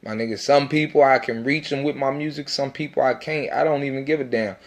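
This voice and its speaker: A man speaks straight to his audience in a loose, self-recorded monologue. His talk is intense and rambling, and he swears freely. His pitch sits in an ordinary middle range for a man. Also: a little fast. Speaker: independent rapper.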